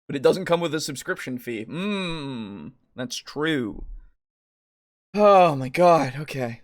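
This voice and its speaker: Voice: medium pitch, animated, takes it slowly. Exasperated, swearing podcast co-host. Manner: reads comments and quotes aloud. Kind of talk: casual podcast discussion.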